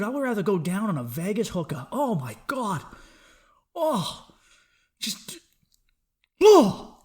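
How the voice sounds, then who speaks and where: A young man talks into a podcast mic in a high voice, cursing freely. He jumps between loud, fired-up pep talk and low, muttered asides. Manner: profane, excitable, swings between loud and low. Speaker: podcast host. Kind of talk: solo podcast rant.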